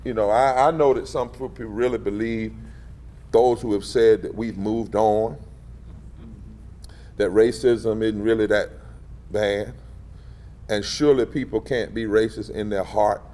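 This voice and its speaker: A man's voice: on the low side, fairly even intonation, measured pace, long pauses, dark tone. A man, speaking as a civil rights leader at a press event, in a rhythmic, emphatic preacher style that swells on key phrases. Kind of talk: impassioned preacher-style public address. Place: indoor press gathering.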